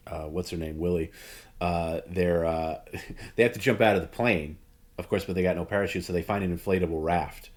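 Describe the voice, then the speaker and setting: A man hosting a relaxed late-night stream, talking in a somewhat low voice. He rambles freely, filling his sentences with "like" and "you know", and chuckles between thoughts. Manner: rambling, heavy use of like and you know, laughs often. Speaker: host. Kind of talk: casual chat on a livestream.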